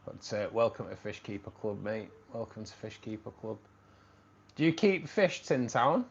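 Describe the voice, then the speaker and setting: A man's voice: lowish voice, sing-song, moderate pace, breathy edge. A man with a Manchester accent hosting a casual live stream, rambling, repeating himself and calling everyone "mate". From Manchester, England. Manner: rambling, repeats phrases, says "mate" a lot. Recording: dull lo-fi stream audio.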